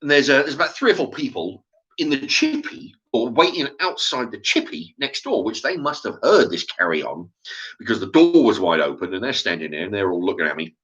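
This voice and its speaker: A man recounts his week straight to camera, casual and blunt, swearing freely. His voice is bright, and his pitch swings widely as he gets into the story. The recording is dull and a little lo-fi. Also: big pitch swings, fairly quick. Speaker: channel host.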